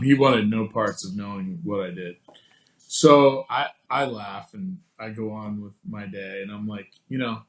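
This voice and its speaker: Podcast guest, male, lowish voice, chatty storyteller who acts out the dialogue. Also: poor audio. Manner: animated, acts out quoted dialogue; casual, many fillers like "like" and "you know". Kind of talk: personal storytelling in conversation.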